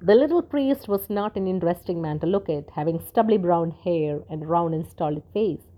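Mellow, low-voiced woman reading a story. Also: expressive, moderate pace. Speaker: audiobook narrator. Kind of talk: scripted narration of a story.

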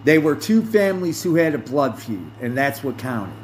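A man hosting a podcast, talking in a slow, rambling monologue with many fillers and self-corrections. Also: mid-range voice, big pitch swings, a little hiss or hum. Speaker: podcast host. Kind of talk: casual monologue.

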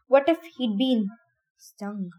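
A woman with a somewhat high voice reads a novel aloud for her podcast in a casual, friendly way. She keeps stepping out of the text to laugh and share her own thoughts with listeners before she picks up the reading again. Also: slow pace, mellow. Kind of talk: casual read-aloud with chatty asides.

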